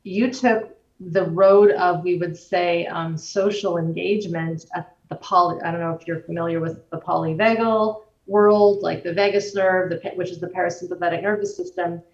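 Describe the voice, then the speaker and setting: A woman guest explaining the nervous system in a measured way, using everyday examples. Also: on the low side, steady tone. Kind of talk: explanatory conversation. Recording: roomy, distant, dull-sounding recording.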